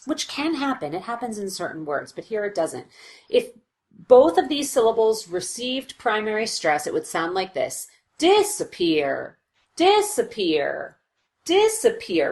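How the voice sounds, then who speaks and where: A woman teaching English pronunciation in a scripted lesson, speaking clearly and drawing out example words. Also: medium pitch, fairly bright tone.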